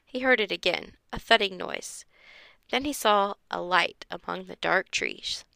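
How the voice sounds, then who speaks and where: A woman's voice: medium pitch, unhurried, gravelly, pushed and bright, no room sound. Woman reading a children's book aloud. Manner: acts out character voices. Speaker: reader.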